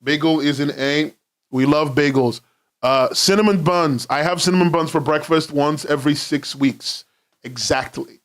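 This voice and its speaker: A man's voice: fairly high pitch, moderate pace. A young man streaming from his home in London, rambling casually, laughing often and swearing freely.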